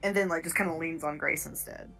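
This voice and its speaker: A woman running a tabletop game as game master, narrating in a casual, animated way. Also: low-pitched, fast, gravelly, faint music behind. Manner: casual, animated storytelling with laughs.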